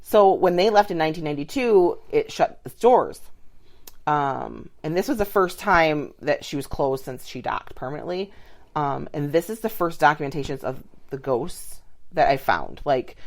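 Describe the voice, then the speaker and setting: A woman with a low-pitched voice talks in easy, casual podcast chat. She tells a story loosely, full of "like" and "um" fillers, as a co-host. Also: lively intonation, normal speed. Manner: chatty, filler-heavy storytelling with many "like" and "um".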